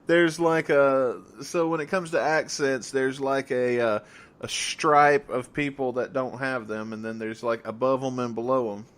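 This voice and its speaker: A man's voice: medium pitch, a little slow. A man with a mid-range voice who laughs easily. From southern United States. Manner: animated, laughs often, stumbles and repeats words. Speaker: podcast co-host. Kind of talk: casual chat.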